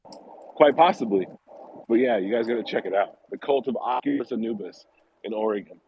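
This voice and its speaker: A man's voice: fairly low pitch, moderate pace, a little hiss or hum. A man telling a creepy personal story in casual chat, acting out the people in it. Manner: animated, acts out dialogue in his story. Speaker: storyteller guest. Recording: dull lo-fi audio.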